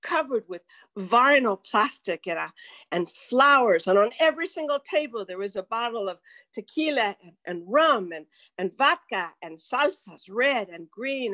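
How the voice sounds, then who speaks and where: An older woman telling a personal story in a slow, deliberate way, dropping to a whisper at tense moments. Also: on the high side, pushed and bright, no echo. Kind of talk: personal story told to an audience.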